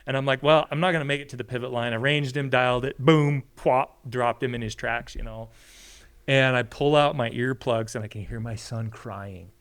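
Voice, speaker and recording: A man, a podcast guest, telling a story in a casual, animated way and acting out the quoted lines. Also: moderate pace, clear, resonant tone. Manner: animated storyteller, acts out quotes with big pitch jumps.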